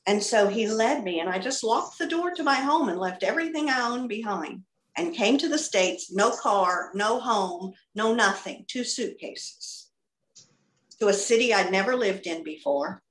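A middle-aged woman giving a personal testimony over a video call, an animated storyteller who acts out the dialogue. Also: fairly high pitch, unhurried, roomy sound. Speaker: ministry speaker giving testimony. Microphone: video call computer mic.

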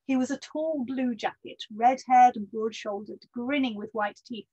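A woman's voice: a little high, moderate pace, warm tone, husky, muffled recording. A woman researcher giving a history lecture, hesitant with many ums and self-corrections, and dropping wry asides.

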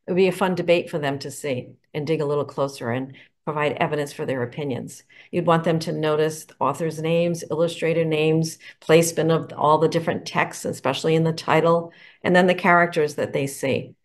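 Middle-aged woman educator, enthusiastic instructional delivery, slightly low pitch. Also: steady tone, fairly quick. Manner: enthusiastic, explanatory, poses questions. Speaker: educator presenting picture books. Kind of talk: instructional talk to teachers.

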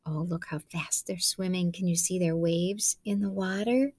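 A woman, a kindergarten teacher, reading a picture book aloud to children in a gentle, coaxing way, asking them questions and dropping to soft whispers. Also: lowish voice, steady tone, normal speed, no echo.

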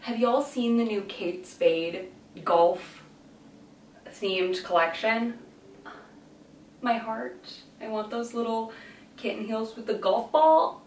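A woman's voice: a little high, slow pace, long pauses, far from the mic, slight background noise. A young woman chatting casually in a fashion vlog, rambling and going off on tangents. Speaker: fashion vlogger. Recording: echoey room, voice a bit off-mic.

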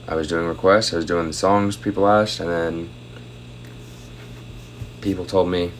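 A man's voice: low voice, steady tone, normal speed, slight background noise. A young man chatting casually on a phone livestream at home, reading out viewer comments and thanking them for gifts.

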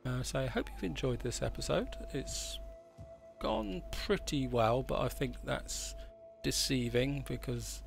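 A man's voice: mid-range voice, gravelly. A man hosting a gaming channel, thinking aloud in casual gameplay commentary as he weighs his choices.

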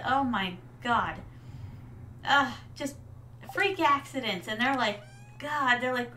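A woman's voice: fairly high pitch, takes it slowly, long pauses, pushed and bright, distant mic, soft background music. A woman streaming a farming game, chatting casually and calling her viewers darlings. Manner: chatty, reads game lines aloud, addresses chat as darlings. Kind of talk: casual gameplay chat.

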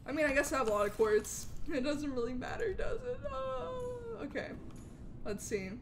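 Excitable woman streamer with hiccups. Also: high voice, fairly quick, noisy background. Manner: excitable, talks to chat, frequent outbursts. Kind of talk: live gameplay commentary.

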